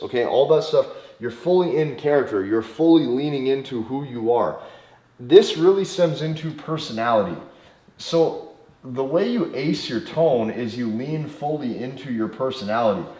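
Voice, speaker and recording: A man's voice: medium pitch, lively intonation, moderate pace, warm tone. A man with a North Dakota accent, teaching in an emphatic way, repeating key phrases and checking in with "okay?". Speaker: dating coach. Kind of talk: instructional talk to camera. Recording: echoey room.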